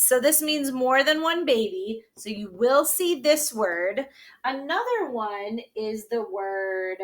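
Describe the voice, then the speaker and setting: A woman's voice: high-pitched, expressive, fairly bright tone. A woman teacher giving a reading lesson to young children, patiently sounding out words and checking in with a frequent "okay?". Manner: sounds out words slowly syllable by syllable.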